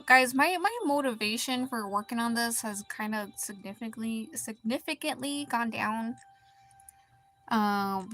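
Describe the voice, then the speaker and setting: Woman, artist streamer, casual chat while drawing, halting, rambling, subdued, faint music behind. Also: fairly high pitch. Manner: halting, rambling, quietly deflated.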